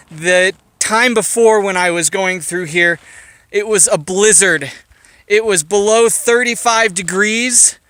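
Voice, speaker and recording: A man's voice: sits high, clear, resonant tone, no echo. Chatty man vlogging outdoors. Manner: excitable, chatty storyteller. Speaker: bicycle touring vlogger. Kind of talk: casual vlog narration. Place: outdoors on a mountain bike route.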